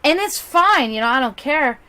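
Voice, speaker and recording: Bubbly German-accented woman. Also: expressive. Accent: German with a slight Slavic touch. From half German, half Serbian. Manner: chatty, bubbly, quick swings in pitch and loudness. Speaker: psychic reader and livestream host. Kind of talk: casual livestream chat.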